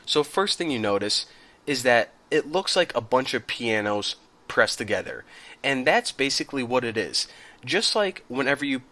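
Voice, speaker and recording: A man talks through a casual screen-recorded tutorial in a loose, friendly way, speaking straight to his viewers. He sits close to a desktop mic at his computer. A cough keeps catching in his throat, and he clears it now and then. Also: medium pitch, normal speed. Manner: relaxed, chatty, addresses viewers as guys. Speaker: software tutorial host.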